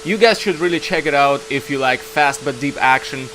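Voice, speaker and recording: A man's voice: mid-range voice, a little fast. A game creative director giving a short upbeat promotional intro for his game. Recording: clear background noise.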